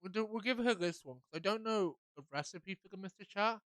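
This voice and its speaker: A woman's voice: medium pitch, brisk, dry recording. A woman, streaming a game and chatting jokily while reading its lines aloud. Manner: chatty, jokey, reads lines in voices. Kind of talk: let's play commentary reading game dialogue.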